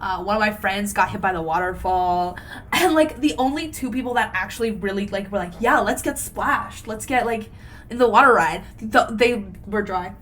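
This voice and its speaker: A woman's voice: medium pitch, animated, normal speed, fairly bright tone. A young woman co-hosting a podcast, telling a long casual story with lots of "like" and fillers. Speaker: podcast co-host. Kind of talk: casual chat.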